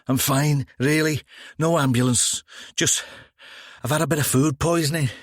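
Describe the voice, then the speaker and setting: A man voices a young male detective sergeant who is panicked, breathless, shaky and apologetic. He pitches his voice a bit above his own, staying close to everyday speech, on the high side with fairly even intonation at a moderate pace. The studio sound is clean, with no room sound.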